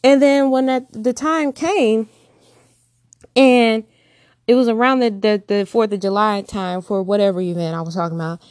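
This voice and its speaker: A young woman telling a painful personal story in an earnest, emphatic way, repeating phrases and raising her pitch to act out what others said. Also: moderate pace, a little mellow, dry recording, studio quality. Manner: acts out quoted voices with raised pitch.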